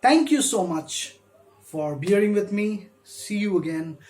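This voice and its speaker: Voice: mid-range voice, lively intonation, measured pace, darkish tone. A lecturer explaining a poem's meter in an online lesson, hesitating often with ums and uhs and counting out the stresses. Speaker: literature lecturer. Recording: roomy echo.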